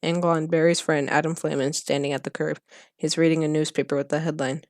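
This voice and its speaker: A channel host reading a film script aloud in a deadpan monotone, stumbling over words and losing their place. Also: mid-range voice, brisk, no room sound, clean studio sound.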